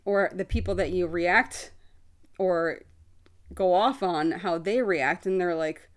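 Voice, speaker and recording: Frank, expressive woman podcast host. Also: lowish voice, takes it slowly. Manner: frank and expressive, casual swearing. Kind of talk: candid personal podcast talk. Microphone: video podcast setup.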